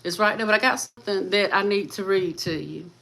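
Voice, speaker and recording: A woman's voice: mid-range voice, fairly quick, vocal fry, fairly bright tone. A woman hosting a faith-based motivational talk, speaking fervently, repeating her lines and calling listeners "sis" and "baby". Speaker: host of a motivational channel.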